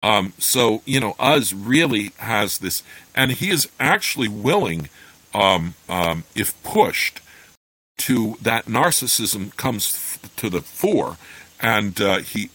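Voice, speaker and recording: A man with a low, slightly husky voice reads fantasy prose aloud at an even pace. Between passages he talks it over, hesitant and full of fillers. His pitch moves a lot as he speaks. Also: dry recording, rough recording. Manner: hesitant, many fillers and restarts in commentary; plain steady reading of the narration. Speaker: podcast host reading a novel aloud and discussing it. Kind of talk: reading aloud then casual commentary.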